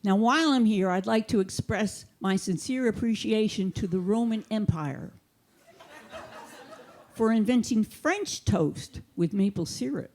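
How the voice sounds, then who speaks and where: A female comedian works a theater stage with a handheld mic, her jokes landing in a deadpan, mock-authoritative style. She speaks at a medium pitch and a measured pace.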